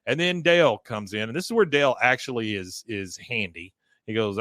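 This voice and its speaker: A male podcast host who recaps a cartoon episode in a loose, chatty manner. His pitch is mid-range, and the recording is dry and close with no room sound. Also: fairly quick, bright, forceful tone, no echo. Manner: chatty, with fillers and laughs.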